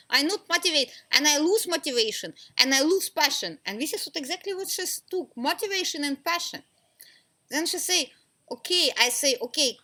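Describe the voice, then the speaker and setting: Bright-voiced laughing woman teaching oils. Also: sits high. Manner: lively, laughs often, simple broken English. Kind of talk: informal talk to a small group.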